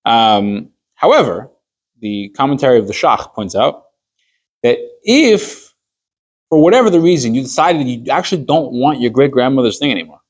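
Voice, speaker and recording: A male rabbi gives an easygoing class in a mid-range voice, neither high nor low. He spins everyday hypothetical stories, slipping into quoted dialogue to act out little scenes, with relaxed fillers along the way. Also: normal speed. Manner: conversational, walks through hypothetical stories with fillers. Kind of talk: informal Jewish law class.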